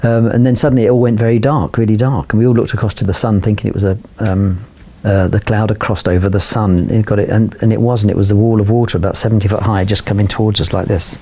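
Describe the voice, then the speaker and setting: Older man from London spinning a rambling yarn, quick and gravelly, low voice. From London, England. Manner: rambling, animated, many fillers and restarts. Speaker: photographer guest. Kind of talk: anecdotal storytelling.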